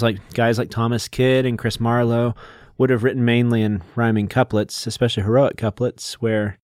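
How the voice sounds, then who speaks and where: A man's voice: medium pitch, a little mellow, dry recording, studio quality. A man co-hosting a podcast, explaining things at length in a casual, lecturing way with plenty of fillers. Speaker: podcast co-host. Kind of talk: casual literary discussion.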